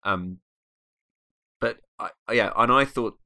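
Low bright-toned man, hesitant. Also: takes it slowly. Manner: hesitant, many restarts and fillers. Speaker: film reviewer. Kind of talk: casual film discussion.

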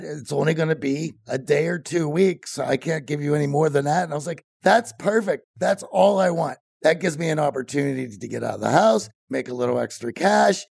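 Gravelly animated man telling a story. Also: a little high, no room sound, studio quality. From Pennsylvania, USA. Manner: animated storyteller, laughs often. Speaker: podcast co-host, guest. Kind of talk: storytelling interview.

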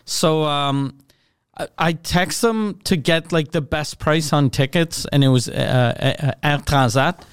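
A man's voice: on the high side, unhurried, clear, resonant tone, dry recording, clean studio sound. A man co-hosting a podcast in casual chat, speaking hesitantly with many fillers.

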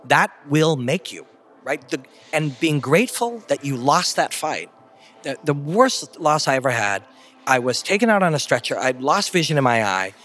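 A man's voice: on the high side, sing-song, normal speed, a bit bright. Emphatic, blunt-talking man. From Canada. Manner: emphatic, blunt, salty language. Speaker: guest, fight commentator. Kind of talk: casual interview storytelling.

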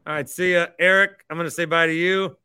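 Bright-voiced joking podcast host man. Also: on the high side, steady tone, fast talker, clean tone. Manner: joking, teasing callers. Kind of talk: casual call-in chat.

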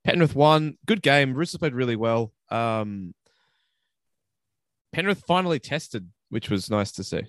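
A man co-hosting a casual sports podcast, a journalist who talks calmly and dryly. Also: mid-range voice, a little slow, no echo, studio quality.

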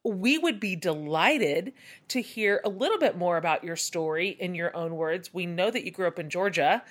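A woman's voice: on the low side, lively intonation, moderate pace. Effusive chatty woman host. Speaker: podcast host. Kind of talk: casual interview conversation.

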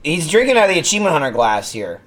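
A man hosting a studio podcast, chatting casually and joking, with sudden low asides. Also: very fast, crowd noise. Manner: animated, jokey, drops to low asides. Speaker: podcast host. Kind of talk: casual chat.

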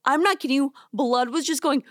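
A young woman's high-pitched voice comes through a studio mic with no room sound as she co-hosts a podcast. She talks a little fast, telling a story animatedly with plenty of "like" and acted-out quotes.

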